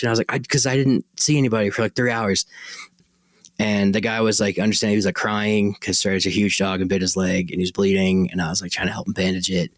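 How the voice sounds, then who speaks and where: A man's voice: lowish voice, fairly even intonation, quick pace, no room sound. A man hosting a podcast, telling a personal story in a rambling, conversational way and often correcting himself. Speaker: podcast host.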